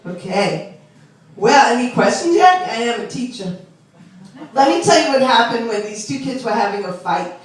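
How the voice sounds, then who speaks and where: Heard from a far-off mic in the roomy acoustics of a small club, this comedian in her 60s is from Long Island. She talks to the audience in a chatty, self-mocking stand-up routine. Her voice runs slightly high and lively, at an ordinary speed.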